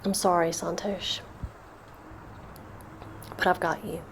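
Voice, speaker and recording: A woman voicing a calm, kindly male god who speaks gently and reassuringly. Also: on the low side, takes it slowly, creaky, background noise. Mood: gentle.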